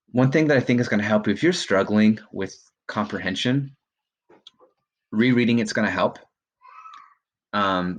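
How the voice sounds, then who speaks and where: Male teacher, low voice, encouraging recorded lesson, filler-heavy. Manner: encouraging, many ums and okays. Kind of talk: recorded remote class lesson.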